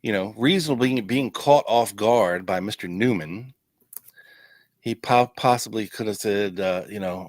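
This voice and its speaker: Podcast host guy reading old files out loud, wry little asides, dry close mic. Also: lowish voice, unhurried, no room sound. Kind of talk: casual chat, reading documents aloud.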